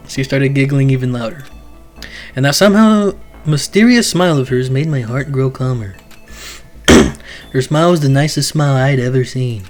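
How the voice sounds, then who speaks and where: A streamer casually reading a visual novel aloud, often clearing their throat and commenting along the way. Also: mid-range voice, animated, moderate pace, soft background music.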